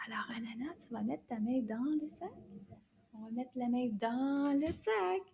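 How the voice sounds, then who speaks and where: A woman teaching French to young children, speaking gently and encouragingly, repeating short phrases slowly and clearly. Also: high-pitched, lively intonation. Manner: gentle, encouraging, exaggerated slow repetition of phrases. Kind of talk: slow, clear children's language lesson with puppet.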